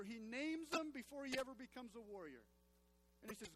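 A man's voice: extremely high pitch, animated, brisk, fairly bright tone. A man preaching a sermon in a church, addressing the congregation emphatically and repeating key phrases. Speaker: pastor.

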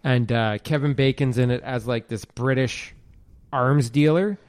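A man's voice: medium pitch, a little slow, darkish tone, clear, resonant tone, no room sound. A man in his forties hosting a podcast, chatting casually about movies, rambling and full of fillers, with the odd swear. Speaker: podcast host.

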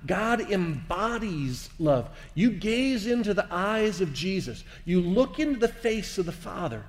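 A man speaks reflectively in a faith teaching and often turns questions back to the listener. His voice is a touch higher than most men's, and it carries a long, hall-like reverb. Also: sing-song, a little slow.

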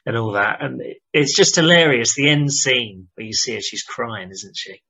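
A man co-hosting a casual chat, talking in an easy way with lots of tag questions and quick laughs. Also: medium pitch, animated, gravelly, heavy background noise. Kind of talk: casual chat about a sitcom.

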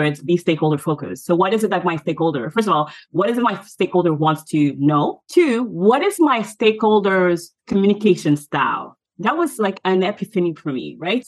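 Animated woman sharing meeting tips. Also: low-quality recording. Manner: animated, swings pitch up and down while explaining. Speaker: podcast co-host. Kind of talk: conversational advice podcast.

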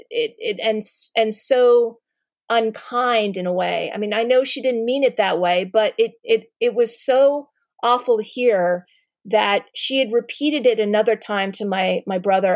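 A middle-aged woman telling a personal family story to an audience, candid and animated, with many ums and restarts. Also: mid-range voice, no room sound, studio quality.

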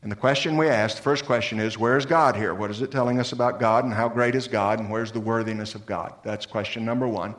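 A man's voice: fast, hardly any pauses. Man preaching an earnest sermon. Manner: earnest, swings from lively emphasis to soft low-voiced appeals. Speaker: pastor.

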